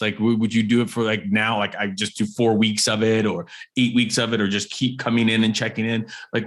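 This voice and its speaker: A man hosting a podcast, asking rambling questions with frequent laughs and backchannel replies. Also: on the low side. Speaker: podcast host. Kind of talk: casual interview chat.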